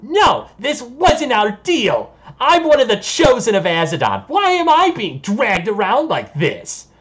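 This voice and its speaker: A man voicing a captive young man's soul, shrill and protesting, in a tabletop game. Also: wildly swooping pitch, a little slow, fairly bright tone, full character voice. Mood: panicked protest.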